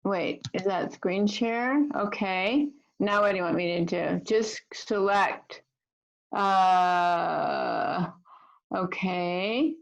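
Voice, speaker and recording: A woman on a video call, chatting casually as a guest speaker and reading poetry slowly and deliberately. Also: fairly low pitch, vocal fry, rough recording.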